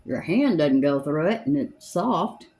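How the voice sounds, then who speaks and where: A woman's voice: sits low, lively intonation, a little slow, mellow. Chatty older woman. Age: 70s. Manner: chatty, rambling, homespun. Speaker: makeup vlogger. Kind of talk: casual chat while doing makeup. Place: home, seated in a chair.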